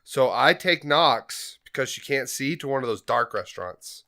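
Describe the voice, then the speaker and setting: A man in casual podcast chat with deadpan humor. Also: mid-range voice, normal speed. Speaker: podcast co-host.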